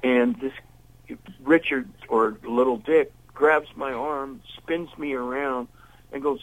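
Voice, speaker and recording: An older man, a musician and interview guest, telling a long anecdote in a lively way and acting out the voices of the people in it. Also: medium pitch, slow, phone-quality sound. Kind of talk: storytelling in an interview.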